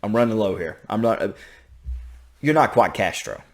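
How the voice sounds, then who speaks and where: Southern US man, reaction host, lively up-and-down delivery, casual and chatty. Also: fairly low pitch, normal speed. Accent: Southern American. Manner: animated, repeats himself, thinks out loud.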